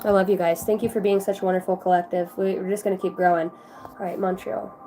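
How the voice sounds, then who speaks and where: A woman's voice: medium pitch, level tone, quick pace, music in the background. A woman giving a casual livestream card reading, chatty and effusive, swearing freely as she talks to her viewers. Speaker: tarot reader.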